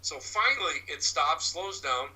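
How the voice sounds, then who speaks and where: A man who works as a psychic medium and teaches mediumship, telling rambling stories in a halting way, often restarting his words. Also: on the high side, lively intonation, bright, forceful tone, recorded from a distance, poor audio. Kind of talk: rambling anecdotal storytelling.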